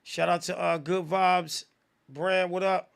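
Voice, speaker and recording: A man hosting a live music review stream, talking in a slangy, profane, rambling way and giving shout-outs to viewers. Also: high-pitched, little pitch movement, takes it slowly, creaky, smooth. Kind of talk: casual live-stream commentary.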